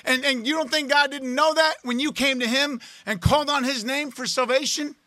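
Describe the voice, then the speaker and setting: A man preaching a sermon in a church, loud and excited, swinging from shouting to quiet, close talk. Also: very high-pitched, moderate pace, dry recording. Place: church sanctuary.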